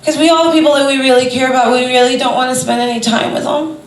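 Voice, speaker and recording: On a comedy club stage before a crowd, a woman performs stand-up, rambling conversationally with lots of fillers. Her voice is high and fast with fairly even intonation, and the crowd can be heard behind her. The recording has a distant, roomy club sound.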